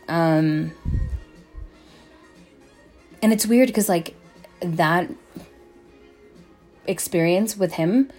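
A woman's voice: sits low, vocal fry, darkish tone. A young woman vlogger telling a story to her viewers in a casual, rambling way, swearing often and filling gaps with "like" and "um". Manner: rambling, profane, lots of "like" and "um".

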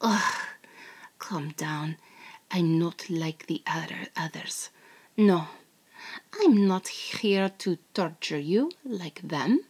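A woman's voice: fairly low pitch, lively intonation, takes it slowly, darkish tone, husky, full character voice. A woman voicing a mocking, domineering female spy captor in a whispered role-play, taunting her prisoner with a put-on foreign accent.

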